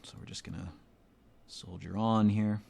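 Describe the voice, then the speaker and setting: A man's voice: fairly low pitch, steady tone, moderate pace, vocal fry, darkish tone. A man giving rambling, profane, sardonic commentary while playing a video game. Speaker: let's play commentator. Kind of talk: casual gameplay commentary.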